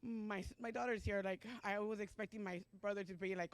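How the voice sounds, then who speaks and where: With a steady tone at medium pitch and no echo, a middle-aged woman speaks at a Sunday church service, giving her personal testimony. Her words come haltingly and emotionally, broken by many pauses and fillers.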